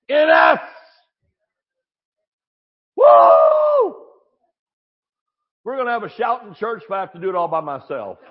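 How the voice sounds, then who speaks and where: A man preaching a sermon with exuberant energy, swinging from shouts to quiet asides. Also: sits high, slightly rough, muffled recording.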